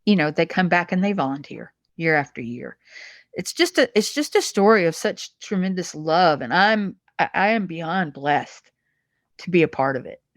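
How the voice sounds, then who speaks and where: A woman's voice: lowish voice, no room sound, clean studio sound. A middle-aged woman, a guest in an interview, speaking in a heartfelt way that halts and restarts often. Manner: heartfelt, halting with repeated restarts. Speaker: guest, massage supplies executive. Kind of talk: emotional interview conversation.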